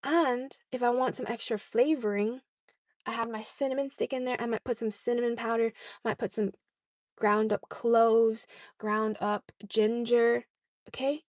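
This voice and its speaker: A woman's voice: on the high side, steady tone, unhurried, no echo, studio quality. A young woman vlogger chatting casually, answering viewer questions and often checking in with "okay?". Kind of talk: casual chat.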